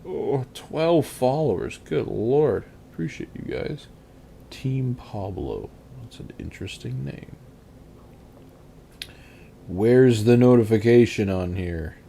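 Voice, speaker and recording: A man's voice: mid-range voice, very animated, takes it slowly, creaky, pauses often, mellow, slight background noise. A man streaming a game, chatting casually and rambling as he reads and answers his chat.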